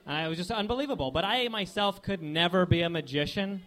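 A young man doing a stand-up set of deadpan one-liners, full of filler words, on a comedy club stage with a handheld mic. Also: sits high, fast talker.

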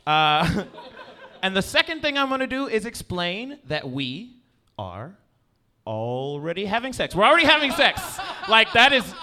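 With a high pitch, big swings in intonation, a sharp tone and a measured pace, a male comedian works a live audience from the stage. His set is rambling and self-deprecating, and he repeatedly checks in by asking "you know what I mean."

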